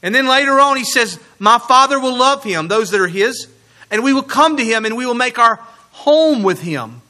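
Bright-voiced man preaching a sermon. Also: expressive. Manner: earnest preaching, slowing and dropping low on key words. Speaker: pastor.

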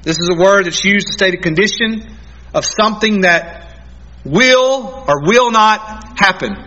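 Male pastor, high bright voice, emphatic sermon delivery, muffled lo-fi recording. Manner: earnest, emphatic preaching with dramatic slowdowns.

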